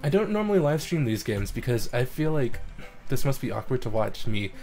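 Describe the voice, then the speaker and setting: A man's voice: medium pitch, sing-song, a little fast, warm tone, soft background music. A man live-streaming a game, reading its text aloud and chatting in an awkward, self-deprecating way, tripping over his words. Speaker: let's play streamer.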